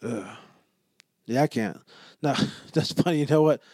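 Man, podcast host, casual rant, lots of swearing, somewhat high voice, dry room. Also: moderate pace, no echo. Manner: profane, joking, animated storytelling. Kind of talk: casual solo podcast monologue.

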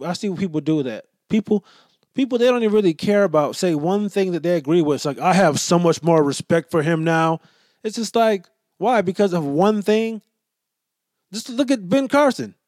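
A man's voice: high-pitched, no echo. Profane joking man, dry close mic. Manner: profane, joking, animated storytelling. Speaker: podcast host. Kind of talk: casual solo podcast monologue.

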